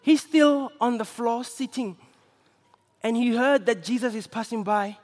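High-voiced impassioned preacher. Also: male voice, unhurried. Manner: impassioned, rising to shouts, dramatic repetition. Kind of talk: sermon. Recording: long reverb of a large hall.

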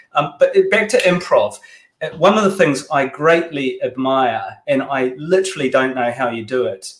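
A man hosting a casual interview, enthusiastic and admiring, pausing with fillers. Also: medium pitch, fairly bright tone. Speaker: interview host. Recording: roomy echo.

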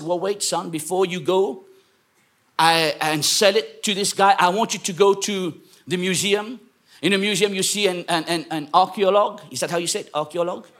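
A man from England preaching a sermon to a congregation, telling a story and then shouting exhortations. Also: high voice. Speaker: pastor. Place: church.

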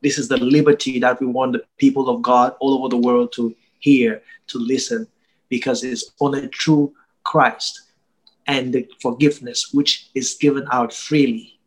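A man's voice: mid-range voice, flat delivery, normal speed, poor audio. Earnest man preaching after a testimony. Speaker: host. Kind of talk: preaching commentary.

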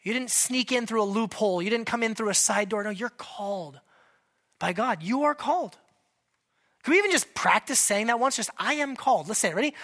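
A man preaching a sermon as pastor, animated and joking, asking his congregation direct questions. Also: high-pitched, brisk.

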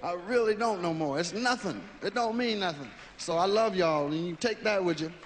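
Earnest high-voiced comedian man in a hall. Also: normal speed, slight background noise. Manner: earnest, reflective, profane storytelling. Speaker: stand-up comedian. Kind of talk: stand-up comedy monologue.

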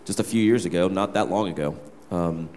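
A man's voice: deep voice, a little fast, darkish tone, slight background noise. A young man, a worship leader, candidly telling a personal story to his church gathering. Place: church hall. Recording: reverberant hall.

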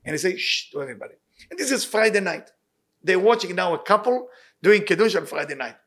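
A man giving an impassioned sermon and telling a story, repeating his key words and speaking loose, halting English. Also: high voice, expressive, fairly bright tone. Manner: loose, halting non-native English grammar. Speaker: rabbi giving weekly inspiration.

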